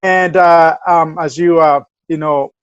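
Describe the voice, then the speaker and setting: A man's voice: a little high, steady tone, measured pace, dull audio. A man co-hosting a casual remote podcast, telling a rambling story full of fillers and restarts. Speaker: podcast co-host. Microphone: remote call mic.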